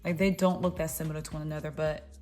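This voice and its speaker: A woman's voice: low voice, little pitch movement, quick pace, darkish tone, faint music behind. A young woman chatting through her makeup tutorial, playful and encouraging as she talks to her viewers. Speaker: beauty vlogger. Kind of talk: casual makeup tutorial chat.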